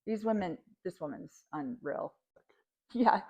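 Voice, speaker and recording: Indignant, animated woman co-host. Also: mid-range voice, normal speed. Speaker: podcast co-host. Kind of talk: reaction commentary on a reality show.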